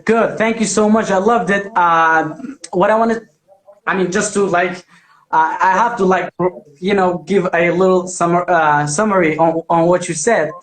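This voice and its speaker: A man's voice: sits high, steady tone, moderate pace, a bit bright, echoey room. A man hosting an Instagram Live chat, talking in a hesitant way with many fillers. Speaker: host.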